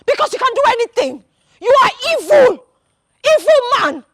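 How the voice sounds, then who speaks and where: A woman's voice: very high voice, sing-song, normal speed, very noisy. An actress playing a proud young wife who fiercely defends her husband and scolds an intruder. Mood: furious. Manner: indignant, scolding, repeats accusations. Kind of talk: film drama acting.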